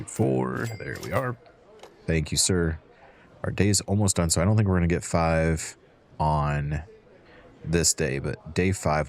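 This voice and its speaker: Very low-voiced man playing a bar game. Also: darkish tone. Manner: chatty, talks to game customers while counting change. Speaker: gaming channel host. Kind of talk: relaxed let's-play commentary.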